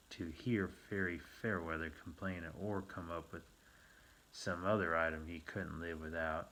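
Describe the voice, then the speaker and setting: A man reading a novel aloud as a first-person narrator, with a measured, steady delivery. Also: sits low. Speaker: audiobook narrator.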